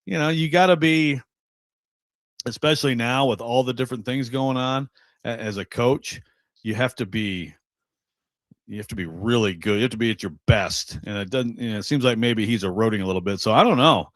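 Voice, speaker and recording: A man's voice: mid-range voice, a little fast, no echo. A man from Western Michigan co-hosting sports radio, chatting in a rambling, jokey way. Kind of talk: casual radio banter.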